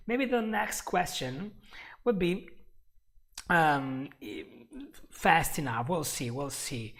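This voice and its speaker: A man's voice: a little high, creaky, fairly bright tone. A man teaching a live online English lesson, often repeating himself and checking in with "right?".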